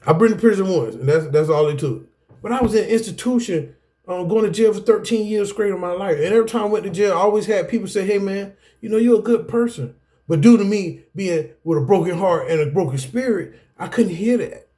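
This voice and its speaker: Animated high-voiced man giving testimony. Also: a little fast. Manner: animated, preacherly, repeats "guess what" and "y'all". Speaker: anger management class speaker. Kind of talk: personal testimony lecture.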